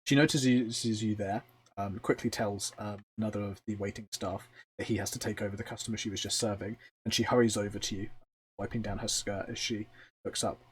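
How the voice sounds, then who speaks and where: A man narrating as game master of a tabletop role-playing game, describing scenes in a relaxed storytelling way with fillers. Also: fairly low pitch, a little fast, slight background noise.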